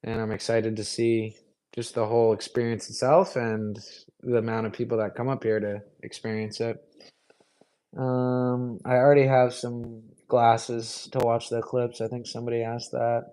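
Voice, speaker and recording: A man's voice: medium pitch, level tone, normal speed, mellow, smooth, poor audio. A young man hosting a live stream, answering viewer questions in an easygoing, rambling way full of fillers. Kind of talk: casual live Q&A chat.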